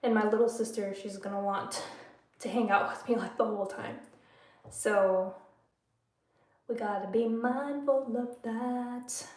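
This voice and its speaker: Slow-talking woman streaming live. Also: on the high side, steady tone, a little mellow. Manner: chatty, reads out and answers viewer comments, laughs often. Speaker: livestream host. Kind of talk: casual live-stream chat. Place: room at home, bedtime routine. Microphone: phone livestream. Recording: echoey room.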